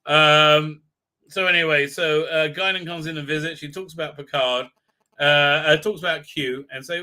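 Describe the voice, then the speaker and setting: Bright-voiced man rambling through a recap. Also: on the high side, steady tone, normal speed. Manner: rambling, filler-heavy, irreverent. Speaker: show host. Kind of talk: live stream episode recap.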